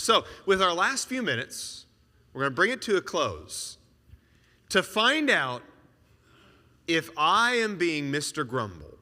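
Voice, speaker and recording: A man preaching a sermon, animated and asking rhetorical questions with joking asides. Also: fairly high pitch, big-room sound.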